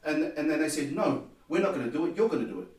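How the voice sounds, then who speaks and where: Male podcast guest, lively storyteller who voices the dialogue; slightly high voice, recorded at a distance. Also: fast. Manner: animated, acts out quoted dialogue. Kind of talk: personal storytelling. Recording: very echoey room, distant mic.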